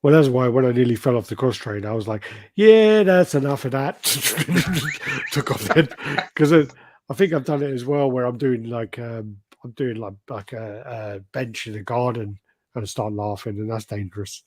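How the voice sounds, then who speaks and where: A man hosting a podcast, chatting casually, swearing freely and retelling comedy bits with lively energy. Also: mid-range voice, brisk, noisy background. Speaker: podcast host. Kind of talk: casual chat.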